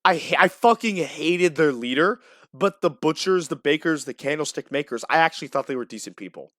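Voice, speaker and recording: A man's voice: fairly high pitch, animated, a little fast, a bit bright, no room sound, studio quality. A man from Florida hosting a casual gaming podcast chat, talking bluntly and swearing freely. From USA, Florida. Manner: blunt, profane, opinionated. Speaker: podcast host.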